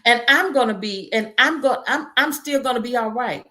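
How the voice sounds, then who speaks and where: Reflective woman host, slightly high voice. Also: moderate pace, pushed and bright. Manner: reflective, restarts and repeats words; reads out viewer comments. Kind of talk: casual conversation.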